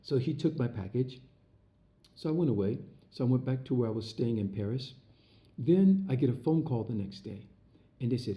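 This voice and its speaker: A man telling a personal story in casual talk, acting out the voices of others as he goes and filling pauses with lots of uhs. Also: mid-range voice. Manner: animated storyteller, acts out quoted voices; frequent fillers and restarts. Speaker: entertainer recounting his past. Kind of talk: casual spoken anecdote.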